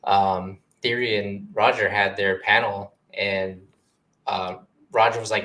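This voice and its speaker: A man in casual podcast chat who tells stories at an easy, relaxed pace. His voice sits fairly low. He speaks plainly and without hurry. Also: a little slow. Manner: relaxed, storytelling.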